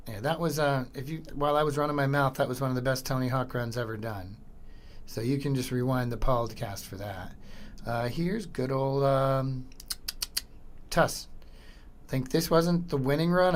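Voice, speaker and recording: A middle-aged man hosting a podcast, commenting casually and excitedly over old skateboarding footage, slangy and swearing. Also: medium pitch. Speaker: podcast host.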